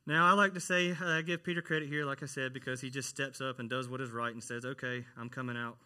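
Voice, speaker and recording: A man's voice: mid-range voice, steady tone, fast, pushed and bright. A man, a church worship minister, preaching a conversational sermon and often asking the congregation questions.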